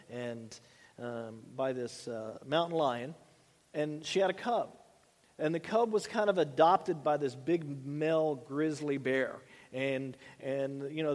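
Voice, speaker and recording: Male pastor, middle-aged, high voice, casual rambling preaching, long hall reverb. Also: darkish tone. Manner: conversational, many repeated words and fillers. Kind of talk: sermon.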